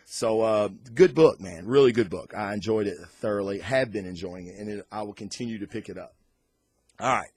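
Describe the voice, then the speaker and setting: A man giving a casual, excited comic book review on camera, rambling off on tangents and swearing freely. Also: on the low side, a little fast, breathy edge, no room sound. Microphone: recorded on camera.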